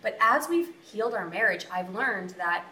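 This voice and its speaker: A woman co-hosting a marriage talk, telling personal stories in a casual, animated way. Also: medium pitch. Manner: animated, talks through stories with quick asides. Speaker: marriage coach co-host. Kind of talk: casual chat, personal storytelling. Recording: echoey room with faint noise.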